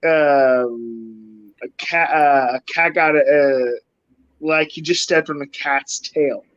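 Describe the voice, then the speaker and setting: A man chatting on a casual podcast, dropping quick deadpan remarks. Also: a little high, no echo, highs cut off.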